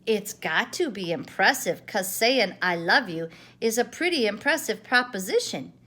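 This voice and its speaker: A woman's voice: medium pitch, lively intonation, normal speed, sharp tone, pitched above the performer's own voice. An older woman voicing a proud, showy male gopher who speaks gleefully and emphatically.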